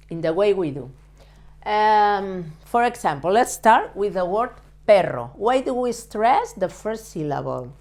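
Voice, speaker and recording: A woman teaching a language lesson in English, slowly saying each example word and repeating it. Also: lowish voice. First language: Spanish. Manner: models Spanish words slowly and repeats them. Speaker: Spanish teacher. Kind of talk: slow step-by-step language lesson.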